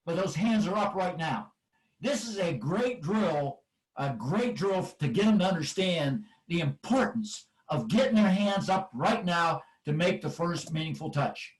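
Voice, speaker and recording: An older football offensive line coach presents at a clinic over drill video, his voice high, expressive and unhurried, recorded roughly from a distant mic. He drives points home with emphatic, repeated cue words.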